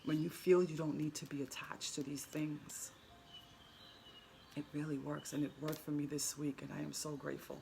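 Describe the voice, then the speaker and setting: A woman's voice: deep voice, little pitch movement, normal speed, vocal fry, dark tone, a little hiss or hum. Earnest woman telling a personal story. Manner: earnest, repeats words, restarts often. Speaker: spiritual vlogger.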